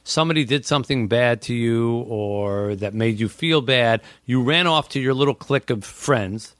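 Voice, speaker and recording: A male host in a relaxed conversation, explaining a point at length and slipping into voices to quote people. His voice sits at a middle pitch and sounds dry and close. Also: normal speed, no echo. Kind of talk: casual podcast chat.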